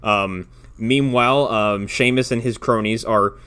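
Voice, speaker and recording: A man's voice: lowish voice, fairly even intonation, unhurried, fairly bright tone, smooth. A man co-hosting a podcast, recapping a film in loose, profane, rambling chat. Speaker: podcast co-host. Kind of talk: casual movie review chat.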